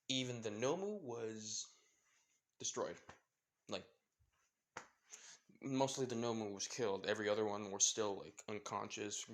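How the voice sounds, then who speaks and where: Rambling young man telling a fan story. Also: on the low side. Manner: rambling, full of fillers and self-corrections. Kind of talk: improvised fanfiction storytelling.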